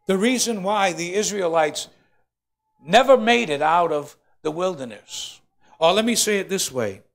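A pastor preaching a sermon in church, swinging between quiet, low passages and loud, climbing emphasis as he acts out complaining voices. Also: lively intonation, measured pace. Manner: preaching with rising shouted emphasis, acting out complainers. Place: church sanctuary.

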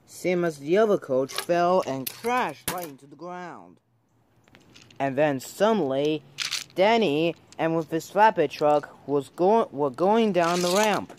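A man reading out a homemade train story at a very slow pace, his voice sitting fairly high. He stumbles and restarts often. A faint hiss sits under the voice. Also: lively intonation, a little mellow. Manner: slow, halting, many restarts.

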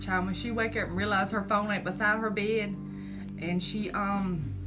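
A woman's voice: medium pitch, steady tone, normal speed, over music. A woman chatting on a live stream from her phone at home, selling makeup in a folksy, nervous way, calling everyone "honey" and "child.". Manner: jittery, talks through nerves. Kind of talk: casual live-stream chat.

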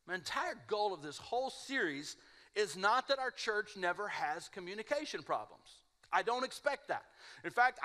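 A male pastor giving a sermon, telling lively stories and mimicking people's voices. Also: sits high. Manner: animated storytelling, mimics others in mumbled voices. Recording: live church service.

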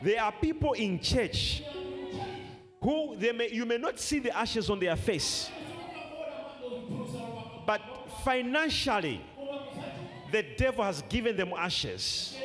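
A male preacher with a very high voice that swings widely up and down, preaching with shouts and repeated phrases. He speaks slowly and draws out his words, and music plays loudly behind him. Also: big pitch swings, in a large hall. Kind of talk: sermon.

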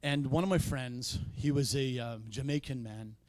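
A man preaching a sermon in a church, conversational in tone, with sudden loud emphatic peaks. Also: mid-range voice, normal speed, dry recording. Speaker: pastor.

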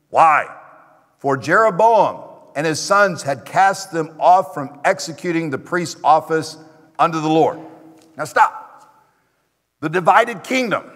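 A middle-aged man preaches a sermon from the pulpit, his fairly high voice pressing the congregation with repeated rhetorical questions. His words ring out into a long church reverb. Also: a bit bright. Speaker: pastor. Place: church sanctuary.

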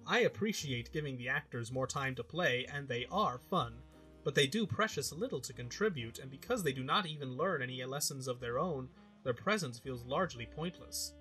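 A man's voice: mid-range voice, animated, moderate pace, bright, forceful tone, soft background music. A man hosting his own show, narrating a scripted review with an emphatic, opinionated delivery.

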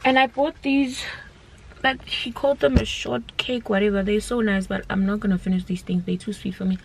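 A young woman chatting excitedly to her viewers in a casual vlog, filmed on a handheld phone. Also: mid-range voice, a little fast, vocal fry, slightly rough, poor audio. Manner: excited, talks straight to viewers. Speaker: vlogger. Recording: loud traffic and street noise.

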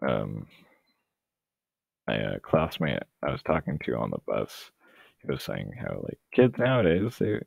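Young male gamer, very deep with a gravelly fry, losing his voice; hesitant, dry sarcasm; tinny, dead-dry mic. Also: dry recording. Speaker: gameplay commentator. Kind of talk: casual let's-play commentary.

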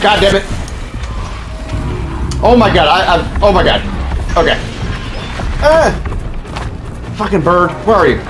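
A man giving gameplay commentary, swearing, yelling at enemies and repeating words in rapid bursts. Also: high voice, expressive. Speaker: gaming channel host. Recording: game music behind the voice.

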